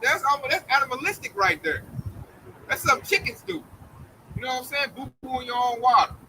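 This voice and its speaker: High, sharp-voiced blunt preacher man. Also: animated, a little fast, slight background noise, rough recording. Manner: blunt, slangy, mocking, acts out voices. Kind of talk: informal street-style sermon.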